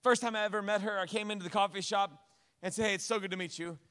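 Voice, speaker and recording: A man preaching as a pastor, telling stories in his sermon with animated delivery and joking asides. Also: high voice, fast talker, clean tone, long reverb tail. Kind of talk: storytelling sermon.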